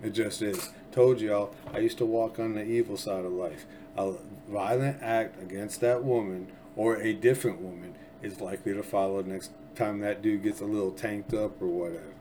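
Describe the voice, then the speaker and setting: A man with a fairly low voice rambles through political commentary as a show host. He leans on sarcasm and keeps restarting his sentences. A faint background noise sits under the recording. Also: steady tone, normal speed, few pauses, warm tone. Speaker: podcast host.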